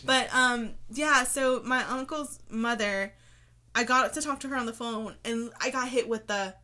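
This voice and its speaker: Bright-voiced young woman, swearing podcaster. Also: on the high side. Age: 20s. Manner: swears freely, fast and animated. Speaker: podcast co-host. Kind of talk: casual podcast chat.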